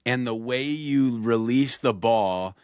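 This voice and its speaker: A man's voice: medium pitch, slow pace, darkish tone, clear, resonant tone, dry recording, clean studio sound. A man co-hosting a casual sports podcast, walking through game scenarios step by step and putting questions to his co-host.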